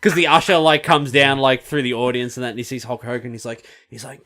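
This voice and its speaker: A man's voice: medium pitch, brisk, sharp tone. A young man hosting a podcast, bantering and joking in casual chat.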